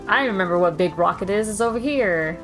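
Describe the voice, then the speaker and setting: A woman's voice: mid-range voice, animated, a little fast, a bit bright, faint music behind. A woman giving casual let's-play commentary, chatting and joking as she plays. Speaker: streamer.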